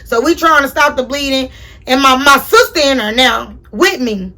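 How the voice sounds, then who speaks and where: A young woman telling a personal story to her viewers in a casual, profane, animated way. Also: high voice, moderate pace. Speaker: storyteller host.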